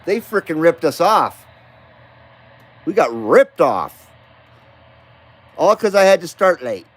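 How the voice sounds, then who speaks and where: Rambling, cussing radio hobby host, high voice. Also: male voice, sing-song, slow. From Nevada, US. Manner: loose, profane, chatty, greets viewers by name. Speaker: live stream host. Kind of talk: casual rambling live-stream chat.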